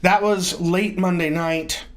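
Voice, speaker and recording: Middle-aged male podcast host, higher-voiced. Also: steady tone, takes it slowly. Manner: fills in details, gently corrects his wife. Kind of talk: conversational interview.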